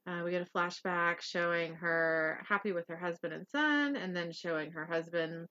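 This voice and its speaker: A woman's voice: on the low side, normal speed, pushed and bright, lo-fi sound. Chatty woman recapping an episode. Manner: chatty, frequent fillers and laughs. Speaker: podcast host recapping a TV episode. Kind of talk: casual recap narration.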